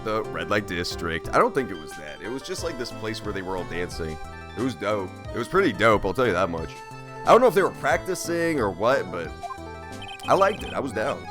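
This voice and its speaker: A man's voice: lowish voice, big pitch swings, brisk, music in the background. A man giving casual, profane, rambling gameplay commentary while streaming. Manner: rambling, swears a lot, jokey. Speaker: let's play streamer.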